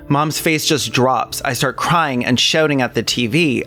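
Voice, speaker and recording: A man's voice: mid-range voice, unhurried, few pauses, bright, forceful tone, faint music behind. A man co-hosting a podcast, reading a memoir passage earnestly and then chatting casually and a bit profanely. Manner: earnest, emotional reading; rambling, profane chat. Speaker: podcast co-host.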